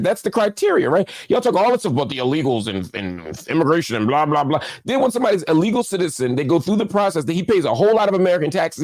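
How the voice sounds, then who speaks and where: A man's voice: medium pitch, darkish tone, no echo. A man hosting his own show, giving an impassioned, emphatic commentary monologue that repeats phrases for effect. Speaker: show host. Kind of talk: live-stream commentary monologue.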